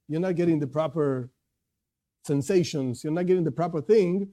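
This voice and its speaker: High, bright-voiced man teaching a religious class. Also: normal speed. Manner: conversational, restarts often, asks and answers his own questions. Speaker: Jewish teacher. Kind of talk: informal Torah class.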